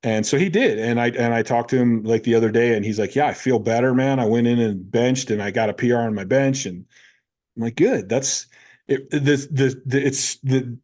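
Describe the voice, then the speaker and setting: A man's voice: medium pitch, moderate pace, a little mellow. A man in his fifties, a powerlifting coach and podcast guest, telling stories animatedly and acting out both sides of his conversations. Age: 50s.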